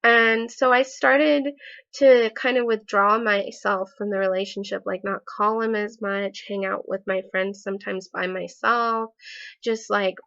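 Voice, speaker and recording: A woman's voice: mid-range voice, steady tone, measured pace, vocal fry, fairly bright tone. A woman recounting a personal story in a casual vlog, hesitant, with many fillers and restarts. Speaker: vlogger. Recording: slightly dull lo-fi audio.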